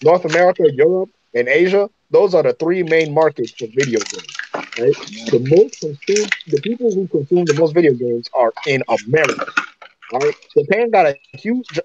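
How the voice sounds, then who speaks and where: With a slightly high voice, lively intonation and normal speed, a podcast co-host from Africa delivers blunt, profane, opinionated chatter. Faint noise sits under the muffled recording.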